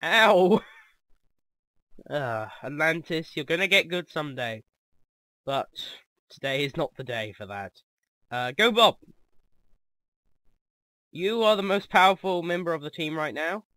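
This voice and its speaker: Man, let's play commentary, excitable and joking, bright voice, slightly high. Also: no echo. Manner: excitable, joking, quick bursts of laughter. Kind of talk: video game commentary.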